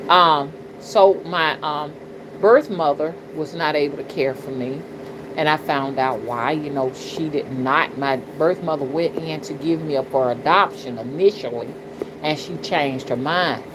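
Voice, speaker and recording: A woman's voice: sits low, a little slow. Blunt, profane woman livestreaming. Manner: blunt, profane, preachy, repeats "you understand?". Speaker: spiritual reader and channel host. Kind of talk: casual livestream talk, greeting chat. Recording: noticeable background noise.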